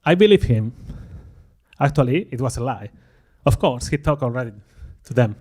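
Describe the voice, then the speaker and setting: At a conference, a middle-aged man with a mid-range voice and moderate pace tells a personal tale in which he's the butt of the joke. He delivers it with animation, playing out his own quoted thoughts.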